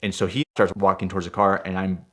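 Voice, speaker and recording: A man in his forties telling a personal story in an animated way. He builds up heat as he goes and keeps checking in with "right?". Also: low-pitched, fast talker. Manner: gets fired up and loud while retelling; punctuates with "right?". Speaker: guest storyteller.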